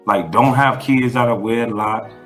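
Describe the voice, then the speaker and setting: A man's voice: mid-range voice, measured pace, a bit bright, faint music behind. A man being interviewed who talks in a blunt, emphatic way and swears freely. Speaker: interview guest. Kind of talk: casual conversational interview.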